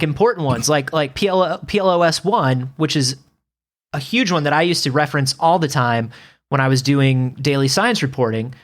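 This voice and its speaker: Male podcast co-host, lively pitch, sarcastic, casual swearing. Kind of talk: casual comedic chat.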